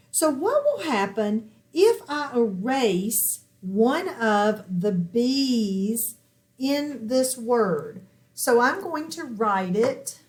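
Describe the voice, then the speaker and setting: A woman's voice: a little high, a little mellow. A woman teaching a phonics lesson at a whiteboard, patiently asking questions and answering them herself. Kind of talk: recorded classroom lesson at a whiteboard.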